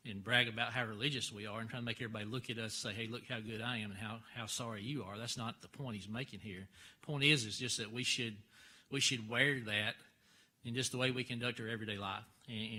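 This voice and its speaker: Bright-voiced man teaching a Bible class. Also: mid-range voice. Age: older. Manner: folksy, halting, many fillers and restarts.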